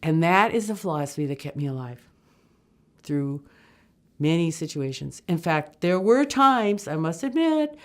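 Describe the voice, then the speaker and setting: An older woman telling a personal travel story in a chatty, animated way, with many fillers and restarts, acting out the voices of people she quotes. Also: sits low, a little slow.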